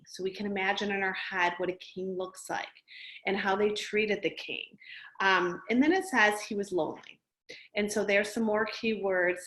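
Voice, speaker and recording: A middle-aged woman teaches a remote reading lesson, explaining patiently to young children at a medium pitch. She speaks into a laptop microphone from a home office, and the room adds a noticeable echo. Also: a bit bright. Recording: echoey room.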